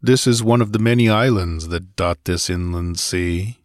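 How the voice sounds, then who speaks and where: A gruff barbarian warrior talks bluntly in a storybook reading, as a male narrator does his voice. The voice is low and plain-spoken, with a grunting edge. It is recorded close and dry. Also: moderate pace, dry recording, natural voice. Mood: matter-of-fact.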